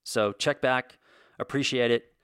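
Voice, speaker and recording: A man's voice: mid-range voice, fairly even intonation, measured pace, a bit bright, smooth, dry recording, studio quality. A man hosting a casual opinion monologue, rambling and blunt, with many restarts and asides. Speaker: host.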